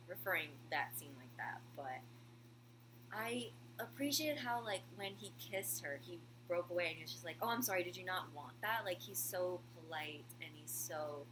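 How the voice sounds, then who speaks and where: A woman chatting casually as a video host at home, gushing and excitable, with lots of "like" in her talk. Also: fairly low pitch, noisy background. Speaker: video host reviewing a TV show. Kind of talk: casual chat. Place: room at home with a heater running.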